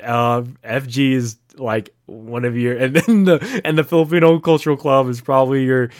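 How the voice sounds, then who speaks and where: A young man from the San Francisco Bay Area co-hosting a podcast, chatting casually and telling animated stories with lots of "like.". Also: medium pitch, moderate pace, no echo, clean studio sound. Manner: animated storyteller, heavy use of "like". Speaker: podcast co-host. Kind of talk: casual chat.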